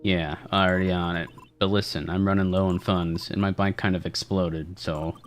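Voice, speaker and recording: A man voicing a gruff, sarcastic male rogue in a put-on Southern accent, with a dry drawl. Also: deep voice, level tone, normal speed, faint music behind, natural voice. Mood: guarded. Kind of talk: voicing characters while playing a game.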